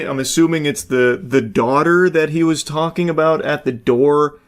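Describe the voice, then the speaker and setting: Man, casual reaction commentary, rambling, swears a lot, slightly high voice. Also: normal speed. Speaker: commentary YouTuber.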